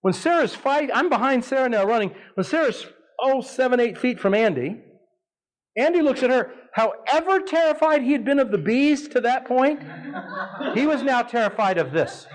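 A middle-aged man preaching, telling a story in an animated, humorous way with big swings in his voice. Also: extremely high pitch, moderate pace, low-quality recording. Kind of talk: sermon storytelling.

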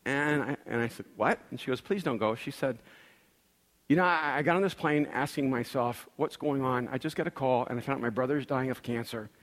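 A man's voice: mid-range voice, fairly quick. A man telling stories in a sermon, acting out dialogue with lots of energy and repeating words as he starts sentences. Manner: animated storyteller, acts out dialogue. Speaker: speaker. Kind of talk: storytelling sermon.

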